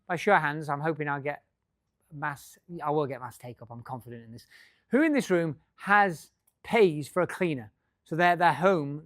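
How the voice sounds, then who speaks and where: A man's voice: high-pitched, fairly bright tone, dry recording, studio quality. A middle-aged man giving a business talk to a live audience, joking and swearing freely. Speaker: business speaker.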